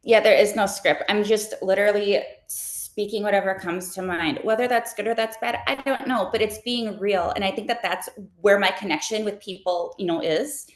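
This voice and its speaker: A woman who makes live shopping videos, answering interview questions casually and talking fast like an animated storyteller. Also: mid-range voice. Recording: roomy echo.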